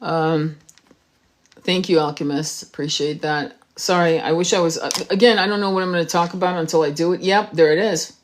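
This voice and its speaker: A woman's voice: fairly low pitch, fairly even intonation, a little fast. A woman hosting a casual livestream, talking while searching online, distracted and swearing, with many restarts. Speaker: tarot reader livestream host.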